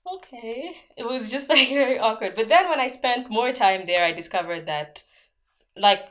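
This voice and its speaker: A woman's voice: on the high side, moderate pace, fairly bright tone. A young woman from Zambia chatting on camera in a casual Q&A vlog, telling stories with lots of "like" fillers. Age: young adult. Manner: chatty storytelling, many "like" fillers. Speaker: vlogger.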